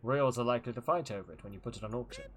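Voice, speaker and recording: A man's voice: racing, fairly bright tone, close to an everyday voice. A man playing a boastful, grandiose painter. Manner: grandiose, self-praising sales pitch. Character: boastful male painter selling his work. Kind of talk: video game voice acting.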